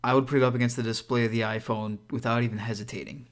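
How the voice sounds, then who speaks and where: A man's voice: medium pitch, fairly even intonation, fast. A man hosting his own channel and giving a casual product review, talking to viewers in a conversational, upbeat and direct way, with frequent asides. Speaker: tech reviewer and channel host.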